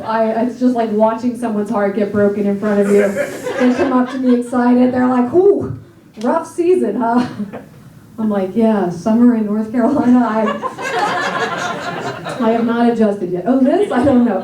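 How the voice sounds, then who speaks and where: A high-pitched woman with an American accent performs a stand-up set full of dry, self-mocking asides. She sounds a little off the mic, and her voice rings around an echoey comedy club. Laughter from the audience is clear behind her. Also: distant mic. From Northern Ireland. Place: comedy theater stage before a laughing audience.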